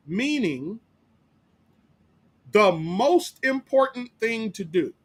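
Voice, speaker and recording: Male pastor, higher than usual voice, teaching Bible study in church, emphatic, repetitive, checks in with "right?". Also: big pitch swings, slow pace, long pauses, a bit bright, husky.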